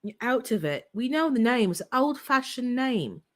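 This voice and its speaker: A woman's voice: a little high, sing-song, moderate pace. A woman hosting a casual live-stream holiday trivia game, chatty and playful, teasing her viewers. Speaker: livestream host running holiday trivia.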